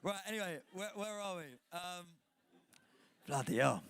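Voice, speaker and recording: A man's voice: high-pitched, expressive, a little slow, a bit bright, clear, resonant tone. A young man performing spoken word poetry live, chatty and rambling between poems, rhythmic when reciting. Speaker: performing poet. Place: indoor poetry night venue.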